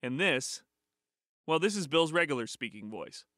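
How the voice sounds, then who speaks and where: A man narrating a documentary in a measured, storytelling way. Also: a little high, big pitch swings, no room sound, studio quality. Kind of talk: scripted narration. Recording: narration over loud music.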